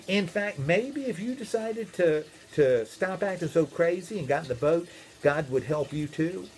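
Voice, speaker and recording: Man, minister, children's storyteller, high lively voice, playful, asks questions. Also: a little slow. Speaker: minister telling children's stories.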